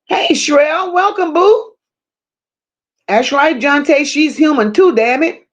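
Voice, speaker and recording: Woman livestream host, high voice, slow unhurried talk, casual affectionate greetings, salty language. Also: lively intonation, muffled recording. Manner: reads chat names aloud, affectionate slang and swearing.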